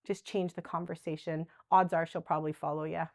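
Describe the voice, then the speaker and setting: A woman's voice: low voice, little pitch movement, brisk, gravelly, no room sound, clean studio sound. A woman presenting a live dementia workshop, chatty and conversational, often checking in with "right?". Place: workshop room with a live audience.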